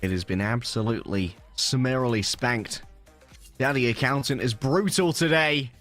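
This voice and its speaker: A man casting a live esports match, jokey and excitable, dropping low for quiet moments and rising high on big plays. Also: moderate pace, soft background music. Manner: excitable, jokey, swings from low murmurs to high hype calls. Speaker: esports caster. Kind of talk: live esports play-by-play commentary.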